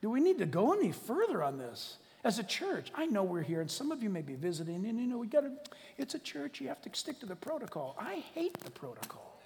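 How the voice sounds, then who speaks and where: A man preaching a sermon to his church, animated and joking, swinging between loud declarations and hushed asides. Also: sits high, a little fast, big-room sound. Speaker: pastor. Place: church hall.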